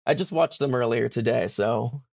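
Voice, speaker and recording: A man's voice: medium pitch, creaky, darkish tone, dry recording. A young man hosts a podcast, retelling a plot in a loose, chatty way. His voice sits in a middle register. The sound is dry and close, with no room around it. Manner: retells the plot with quick put-on character voices. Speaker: podcast host. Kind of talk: casual chat, retelling a story.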